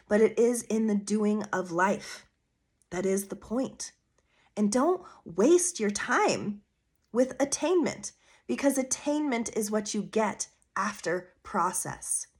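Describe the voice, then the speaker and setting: A woman's voice: medium pitch, breathy edge. A woman hosting her own astrology podcast, talking in an earnest, coaching way with casual asides and rhetorical questions. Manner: casual with fillers like "vibe" and "you know". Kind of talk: solo podcast monologue.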